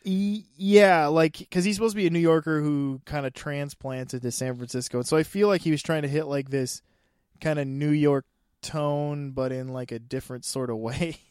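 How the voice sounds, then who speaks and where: Guy on a podcast riffing about a movie, lots of laughs, kinda high voice, dry close mic. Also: moderate pace, smooth, dry recording. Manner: laughs often, animated, many restarts. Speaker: podcast co-host. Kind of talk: casual movie review chat.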